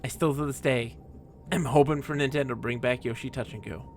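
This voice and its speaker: Streamer, male, gravelly mid-pitch voice, chatty and rambling, faint game music under. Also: a little fast. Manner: chatty, rambling, animated asides. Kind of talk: casual storytelling while playing a game.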